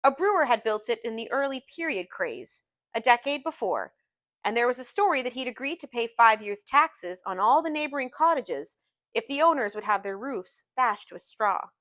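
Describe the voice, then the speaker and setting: A woman teacher reading a novel aloud to her class in an expressive, measured storytelling manner. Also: on the high side, no echo, studio quality.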